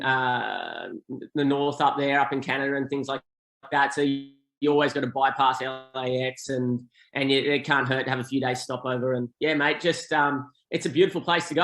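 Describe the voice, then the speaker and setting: A man's voice: mid-range voice, bright, forceful tone, roomy sound. A man from Australia with an Australian accent, a podcast guest in casual, laid-back chat who says mate a lot.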